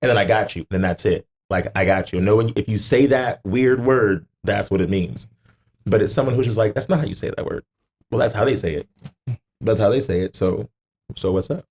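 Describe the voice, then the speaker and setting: Gravelly-voiced man ranting casually. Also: fairly low pitch, fairly quick, darkish tone. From not from the local area. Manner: rambling, emphatic, restarts often. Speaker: podcast co-host or guest. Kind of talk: casual chat.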